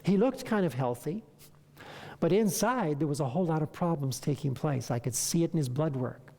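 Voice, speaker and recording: A lecturer speaks to a room with a mellow, relaxed tone that carries a long hall reverb. The delivery is animated, full of rhetorical questions and acted-out exchanges with patients. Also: medium pitch, moderate pace. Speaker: health lecturer. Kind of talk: lecture to an audience.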